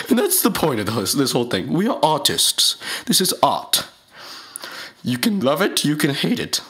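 Playing a self-important rapper for a comedy sketch, this man stumbles through a mock-solemn announcement full of fillers and false starts. His husky, fairly bright voice sits on the high side, and his pitch swoops wildly.

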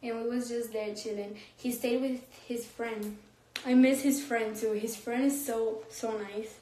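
A woman's voice: on the high side, fairly even intonation, a little slow, warm tone, echoey room. A young woman chatting casually on a phone livestream, reading comments, slangy and laughing often. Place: room, recording a phone livestream.

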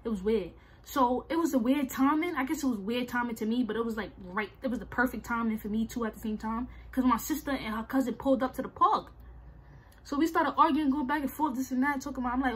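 A young woman with a husky voice, telling a storytime vlog in slangy, animated casual talk and repeating herself. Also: fairly high pitch, quick pace. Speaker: vlogger. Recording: faint music behind.

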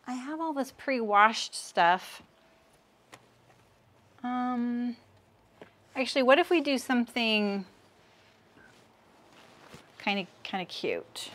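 A woman's voice: on the high side, expressive, takes it slowly, long pauses, a bit bright. A woman in her thirties hosting a casual sewing livestream, chatting with viewers and laughing at her own jokes as she works.

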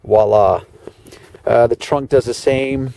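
A man's voice: medium pitch, takes it slowly, creaky, warm tone. A man giving a casual, chatty walkaround of a luxury car as a car detailer, with dry sarcastic asides. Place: in and around a parked car.

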